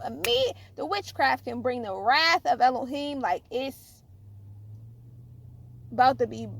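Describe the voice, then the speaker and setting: A woman preaching informally about her faith in a fervent, halting way, often repeating and restarting phrases and chuckling. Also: sits high, creaky, fairly bright tone. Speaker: spiritual vlogger.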